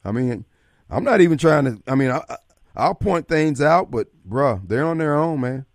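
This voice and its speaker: A man with a slightly high voice hosts talk radio in an animated, preachy way. He jumps from loud outbursts to low muttering, and the studio sound is dry and close. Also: normal speed, no room sound. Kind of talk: casual political talk radio chat.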